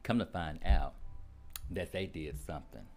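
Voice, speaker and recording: A man's voice: rumbling low, a little slow, faint music behind. A man on a radio show telling a gossip story, laughing often and acting out what people said. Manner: expressive, laughs often, acts out dialogue.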